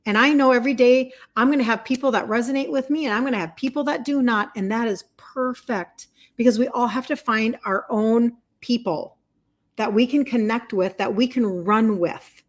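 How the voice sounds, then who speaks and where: A woman's voice: on the high side, moderate pace. A woman in her fifties, a health and wellness coach, chatting heartfelt and open on a livestream and reading viewer comments. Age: 50s.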